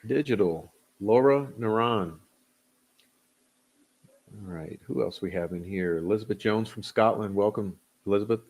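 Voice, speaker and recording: This host's voice is fairly low and darkish, at a moderate pace. During casual livestream chat he reads names from the chat to greet viewers, wandering loosely through his talk with chuckles and fillers.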